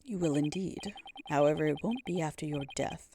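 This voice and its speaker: A woman voicing a calm, solemn male prosecutor who speaks in a grave, formal, measured way, as she reads a game aloud. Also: low voice, noisy background, pitched below the performer's own voice, natural voice. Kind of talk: reading a game aloud with voices.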